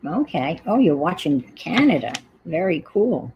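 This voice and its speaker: A woman's voice: low-pitched, sing-song, a little slow, dull audio, a little hiss or hum. A woman with a New York accent chatting casually and thinking aloud while she crafts at home on a livestream.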